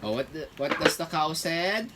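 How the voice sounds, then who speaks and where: A man's voice: fairly high pitch, animated, moderate pace. A father quizzing his children at home in a playful, sing-song, coaxing way with lots of praise. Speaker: father playing a snack guessing game with his children. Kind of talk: playful home video chat with kids. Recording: noisy home recording.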